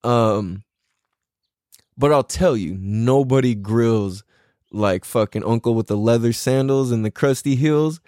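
A man's voice: mid-range voice, a little slow, darkish tone, no room sound, clean studio sound. A man doing a casual comedic monologue as a podcast host, laughing often, swearing freely and using slang.

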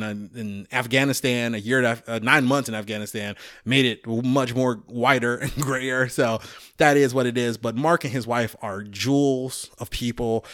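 A man's voice: mid-range voice, a bit bright, no echo. Chicago guy in his 40s hosting a podcast, rambly self-mocking stories, dry close sound. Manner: rambling, chatty storyteller who laughs at himself. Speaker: podcast host. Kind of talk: casual podcast monologue.

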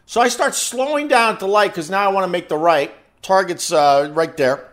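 A New York man hosting live viewers tells a casual, profanity-filled story at a moderate pace, his voice sitting high. He's animated, swearing freely and acting out the voices of the people in the tale.

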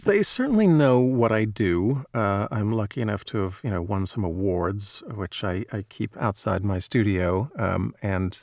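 Low gravelly guy chatting about his narration work, dry close mic. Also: lively intonation, moderate pace, few pauses, a little mellow, no echo. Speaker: audiobook narrator. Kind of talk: casual interview chat.

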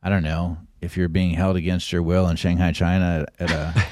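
A man's voice: low-pitched, level tone, moderate pace, few pauses, darkish tone, dry recording. A middle-aged man, a podcast guest, telling rambling anecdotes in a casual way and acting out the voices of people he quotes.

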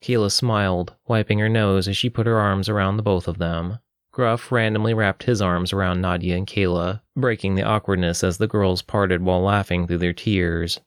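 A man narrating an audiobook in a steady, even storytelling manner. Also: deep voice, normal speed, dry recording, clean studio sound.

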